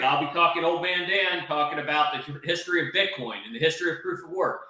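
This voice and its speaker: Bright, preachy man in an echoey room. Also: fairly high pitch. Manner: preachy, rallying, repeats "we're gonna". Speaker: organizer and speaker of a crypto round table. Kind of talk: enthusiastic speech to an online panel.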